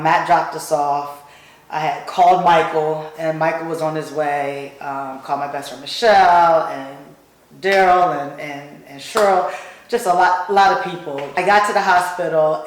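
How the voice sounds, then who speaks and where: Brief: middle-aged woman, guest storyteller, animated, lower voice, very echoey room. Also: moderate pace. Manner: animated, acts out quoted voices. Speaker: guest speaker. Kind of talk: personal storytelling in conversation.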